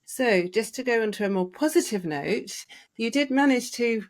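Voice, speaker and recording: A middle-aged woman doctor hosting a podcast interview, explaining in a measured way with frequent restarts. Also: fairly high pitch, lively intonation. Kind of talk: interview conversation.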